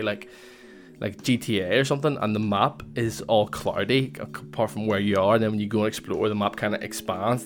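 A young man casually telling a personal story, rambling with lots of fillers and restarts. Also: lowish voice. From Northern Ireland.

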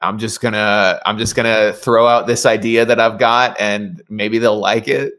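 A man's voice: fairly low pitch, steady tone, moderate pace, a bit bright. A man, a voice actor, chatting casually as an interview guest with many fillers and restarts.

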